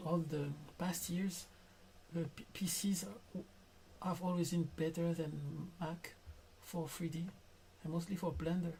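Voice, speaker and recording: Slow, soft-spoken French man. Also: high-pitched, a little hiss or hum. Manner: soft, calm and careful, stutters at times. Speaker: digital artist live-streaming. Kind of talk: casual live-stream chat while drawing.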